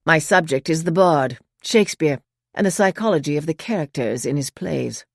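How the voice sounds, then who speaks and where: A woman reading an audiobook, voicing a thin middle-aged British man with a British accent who speaks in a polite, well-modulated, measured way. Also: low-pitched, lively intonation, vocal fry, dry recording, clean studio sound, heavily acted. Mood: courteous.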